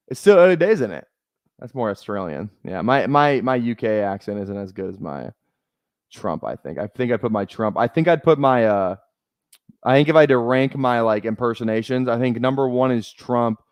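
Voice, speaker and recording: A man's voice: mid-range voice, darkish tone, clean tone, no room sound. Rambling young man on a stream. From Minnesota. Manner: rambling, joking, many fillers and restarts. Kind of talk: casual live-stream chat while drafting.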